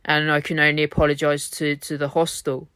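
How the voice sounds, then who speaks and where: A man's voice: fairly high pitch, monotone, brisk, bright, forceful tone, clear, resonant tone, dry recording, clean studio sound. A man in a hotel room, rambling on in an exhausted, repetitive monologue laced with swearing. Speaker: vlogger. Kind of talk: rambling self-recorded monologue.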